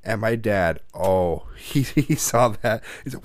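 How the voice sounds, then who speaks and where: Casual male storyteller, low-pitched, chatty, restarts a lot, dry room. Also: slow, no echo. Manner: rambling storytelling with frequent swearing and restarts; gets loud and animated when quoting his dad. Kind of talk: casual chat.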